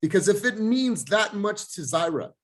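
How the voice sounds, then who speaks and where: A man's voice: high voice, lively intonation, normal speed. A man hosting a group coaching video call, speaking in an intense, emphatic way and swearing now and then.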